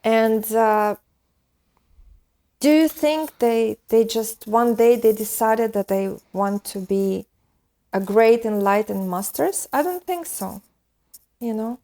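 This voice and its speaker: A woman's voice: a little high, slow, dark tone. A woman guest on a podcast, speaking earnestly and reflectively. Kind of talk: podcast interview.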